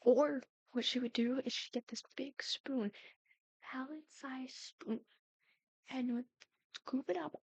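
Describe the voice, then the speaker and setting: A woman's voice: sits high, steady tone, slow pace, long pauses, darkish tone, no room sound, rough recording. A young woman in her twenties telling family stories in a casual chat, often dropping into a whisper. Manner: chatty, often drops to a whisper. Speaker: Sims builder and storyteller. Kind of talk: casual storytelling over gameplay.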